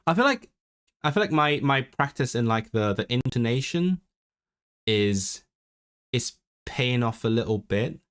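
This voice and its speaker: Speaking at a measured pace in a medium-pitched voice, a native English-speaking man casually livestreams about learning languages via a desk mic. He thinks aloud, restarts a lot, reads chat, and brings lively intonation to his learner's Welsh.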